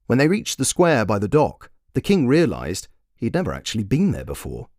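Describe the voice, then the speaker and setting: A man's voice: medium pitch, wildly swooping pitch, normal speed, a little mellow, no echo, clean studio sound. A man narrating a fairy tale he wrote, in a wry, playful storytelling manner. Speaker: storyteller and author.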